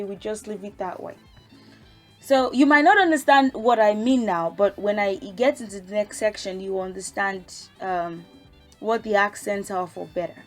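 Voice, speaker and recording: A woman teaching a language lesson in a casual way, reciting letters one at a time and explaining with relaxed fillers. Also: medium pitch, moderate pace, soft background music.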